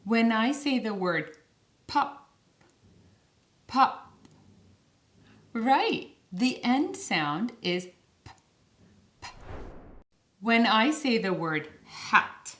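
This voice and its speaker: A woman teaching young children phonics in a slow, clear, sing-song way, stretching each word out. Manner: sing-song, stretches words slowly with lively pitch.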